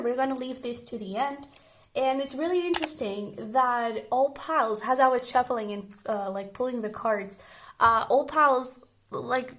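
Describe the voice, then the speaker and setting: A woman giving a casual pick-a-card tarot reading, speaking gently and reassuringly straight to the viewer. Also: a little high. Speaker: tarot reader.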